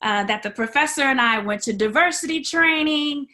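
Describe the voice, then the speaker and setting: A guest preacher with a high, expressive, bright voice and a forceful tone speaks at normal speed in a church sanctuary. She preaches through a personal story, dramatically acting out its people and lowering to whispers.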